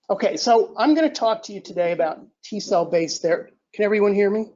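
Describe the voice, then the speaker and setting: Older man lecturing, lo-fi, throat-clearing. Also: sits high, a little fast. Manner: relaxed, self-deprecating, frequent throat-clearing and restarts. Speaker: invited lecturer. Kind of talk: academic lecture. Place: lecture hall. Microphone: handheld or podium mic. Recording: dull lo-fi lecture recording.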